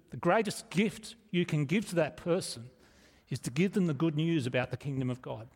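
A man preaching a sermon in an earnest, emphatic way, often restarting his phrases. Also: fairly high pitch. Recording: echoey hall reverb.

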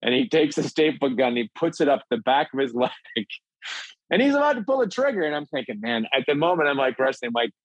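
A middle-aged man from Minnesota, a comedic actor and filmmaker, telling an animated anecdote and acting out the voices. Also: medium pitch, fast talker, dry recording, muffled recording. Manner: acts out voices in his anecdotes, excitable. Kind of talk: animated storytelling. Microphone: video call.

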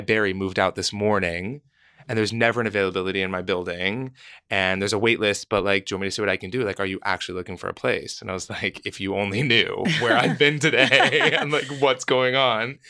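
A man's voice: fairly low pitch, no room sound, clean studio sound. A man casually telling a long personal story, acting out the voices of people in it. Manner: animated, acts out quoted voices.

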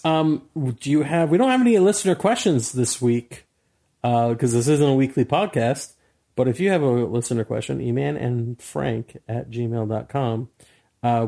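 A man's voice: medium pitch, gravelly, warm tone. A man co-hosting a podcast in casual chat, dry and teasing. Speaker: podcast co-host.

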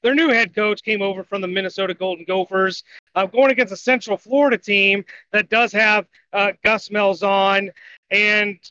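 A man with a high-pitched, bright, forceful voice co-hosts a sports betting podcast, talking at a moderate pace with fairly even intonation. He rambles casually through his college football and baseball picks, correcting himself along the way. There's no room sound, and the lo-fi audio is dull.

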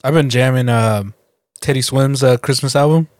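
A man's voice: medium pitch, moderate pace, a little mellow, no room sound, studio quality. A man co-hosting a podcast, chatting in a laid-back way and cutting in with jokes. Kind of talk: casual podcast chat.

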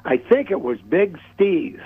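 A man calling in to a radio show, reminiscing in a halting, casual way. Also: sits high, big pitch swings, slightly rough. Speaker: caller. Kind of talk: casual phone-in chat. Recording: tinny phone line.

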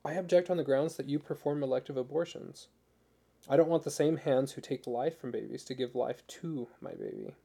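A man reading as an exhausted young woman in labor, quietly defiant. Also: mid-range voice, fairly quick, gravelly, slightly rough, full character voice. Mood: quietly determined. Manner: soft, steady, firm.

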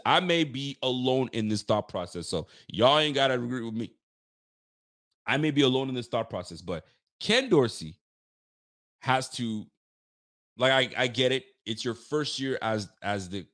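A man's voice: fairly low pitch, a bit bright. A fired-up man giving a rambling sports rant, full of restarts and street slang. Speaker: sports fan commentator. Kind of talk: heated football rant.

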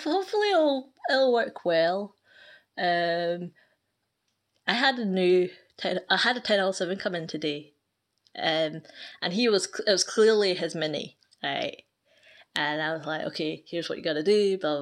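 A woman clan leader chatting casually, ranting in an amused way and laughing often. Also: mid-range voice. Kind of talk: casual chat.

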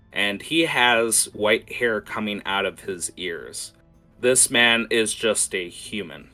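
Male game master, bright tone, animated, rambling narration with fillers. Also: sits low.

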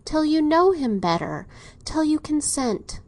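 A woman's voice: sits high, very animated, measured pace, pitched above the performer's own voice. A woman reading an audiobook, voicing a timid, devoted young daughter in an earnest, pleading way.

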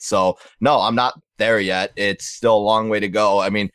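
A low-voiced man who talks fast as a recurring podcast guest. He rambles and pokes fun at himself, and the sound is close and dry. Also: fairly even intonation, fairly bright tone, dry recording. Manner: rambling, self-mocking. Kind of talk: casual podcast chat.

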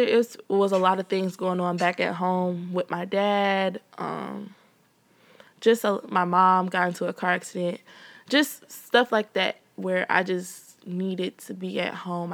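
A young adult woman hosting a podcast from home, talking candidly and rambling with many fillers. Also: mid-range voice. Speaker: podcast host. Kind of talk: casual personal talk.

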